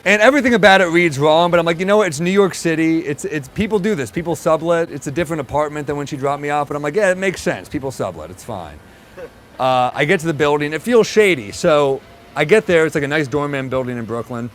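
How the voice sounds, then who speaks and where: A man's voice: a little high, animated. A man doing stand-up, telling a story on stage and acting out the voices of the people in it. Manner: quick asides, acts out quoted voices. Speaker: stand-up comedian. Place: stage before a live audience. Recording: live show with crowd noise.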